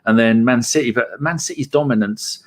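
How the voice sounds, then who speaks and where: A chatty man hosting a podcast, reading viewer messages aloud and laughing easily along the way. His voice sits at an ordinary middle pitch. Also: normal speed. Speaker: podcast host. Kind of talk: casual chat.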